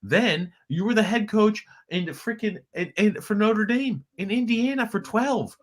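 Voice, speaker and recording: Excitable male sports stream co-host. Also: high-pitched, measured pace. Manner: excitable, emphatic, with repeated restarts. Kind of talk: casual sports commentary chat.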